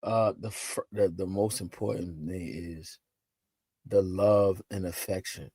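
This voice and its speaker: A man as a podcast guest, talking about fatherhood in a loose, animated, emphatic way, full of repeats and "you know what I'm saying.". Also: low-pitched, slow, slightly rough, no echo. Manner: animated, emphatic storytelling with lots of repetition. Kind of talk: casual conversational interview.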